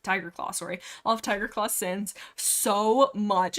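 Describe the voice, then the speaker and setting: A woman hosts a casual book-chat livestream, rambling freely with a playful, teasing edge. Her voice sits at an ordinary middle pitch and comes through a desk microphone. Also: moderate pace, few pauses, a bit bright. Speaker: livestream host.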